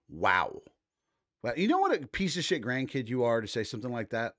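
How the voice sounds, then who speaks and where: A man's voice: medium pitch, wildly swooping pitch, fairly quick, a bit bright. A man in his thirties hosting a livestream, reading posts aloud and reacting with casual, profane commentary. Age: 30s. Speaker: livestream host.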